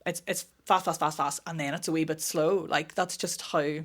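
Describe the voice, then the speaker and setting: Fast-talking Northern Irish woman. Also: low-pitched. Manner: fast, lively, demonstrates with voices. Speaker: vocal coach guest. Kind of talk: casual podcast chat.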